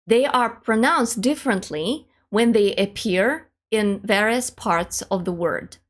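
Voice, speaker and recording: A woman teaching an online language lesson, demonstrating pronunciation slowly and carefully. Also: mid-range voice.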